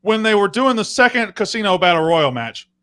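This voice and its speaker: A man's voice: high voice, big pitch swings, fairly quick, fairly bright tone. A man who hosts a podcast, joking as a guest on a live stream with a loose, rambling manner. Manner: jokey, profane asides, rambling. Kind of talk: casual live-stream chat.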